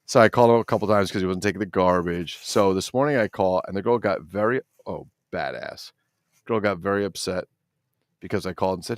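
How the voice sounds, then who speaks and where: A man's voice: low voice, brisk, no room sound, clean studio sound. A middle-aged man hosting a casual toy-collector livestream, rambling and swearing while he reads the chat.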